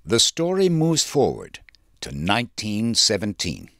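Male documentary narrator, plain storytelling, lowish voice, animated pitch, dry sound. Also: unhurried, no echo. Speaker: program narrator.

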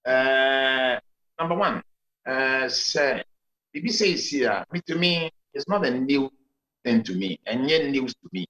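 A man's voice: medium pitch, animated, measured pace, pushed and bright, low-quality recording. A Ghanaian pastor answering interview questions over a video call, laying out his points one by one in a preaching manner. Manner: preaching explanation, counts points, mixes Twi and English.

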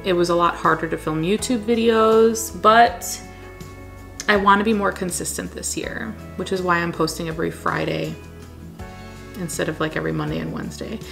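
A woman's voice: lowish voice, moderate pace, gravelly, fairly bright tone, faint music behind. A woman chatting candidly in a casual question-and-answer vlog, laughing often. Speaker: plant vlogger and wedding photographer.

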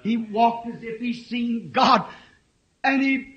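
Fiery preacher in his fifties, a man with a strikingly high voice, dull old tape recording. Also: steady tone, a little slow. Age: 50s. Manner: impassioned, swings to shouting. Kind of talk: fiery sermon.

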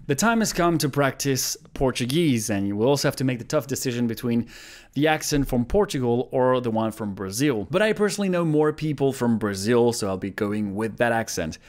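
Chatty man reviewing a language app. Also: mid-range voice. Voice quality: chatty, amused, repeats phrases to study them. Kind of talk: casual explanatory review.

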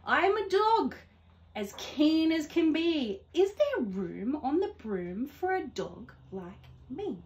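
A woman's voice: a little high, slow pace, hardly any pauses, full character voice. Woman doing an eager storybook dog. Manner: keen, excited.

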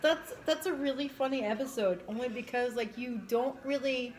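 A woman with a New York accent, co-hosting a casual live stream, laughing often and telling animated stories. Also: high voice, moderate pace, a little hiss or hum.

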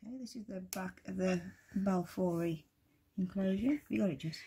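A woman vlogging at home as she tends her pets, coaxing and cooing at them, often in a hushed near-whisper, caught on a camera mic held by a helper. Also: mid-range voice, normal speed, a little hiss or hum. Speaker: pet keeper vlogger. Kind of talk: casual narration to camera.

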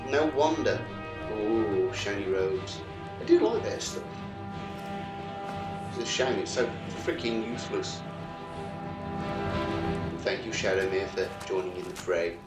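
A man hosting a let's play, commenting on the game in a jokey, animated way with frequent exclamations. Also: lowish voice, a little slow, long pauses, roomy sound, over loud music. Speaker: gaming host.

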